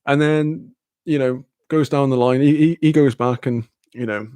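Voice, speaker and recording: A man's voice: mid-range voice, fairly even intonation, normal speed, dark tone, clean tone, dry recording. A young man on a live stream, telling a story in loose, rambling casual chat, heavy with swearing and fillers.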